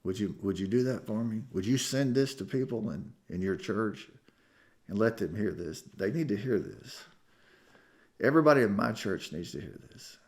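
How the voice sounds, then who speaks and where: A man preaching a sermon, telling a story with emotion and swinging from hushed tones to loud climaxes. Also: fairly low pitch, expressive, normal speed. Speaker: pastor. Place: church sanctuary.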